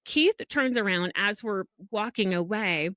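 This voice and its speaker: A woman's voice: mid-range voice, a little slow, dry recording, clean studio sound. Middle-aged woman telling stories animatedly. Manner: animated storytelling with frequent laughs. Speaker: podcast co-host. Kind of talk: casual chat.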